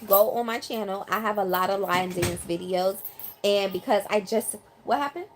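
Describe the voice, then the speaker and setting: This is an older woman with a mid-range voice and moderate pace, heard over background noise through a phone or handheld mic. A live streamer and line dance teacher from New York City, she sits at home in South Carolina chatting casually and reading viewer comments, often saying um.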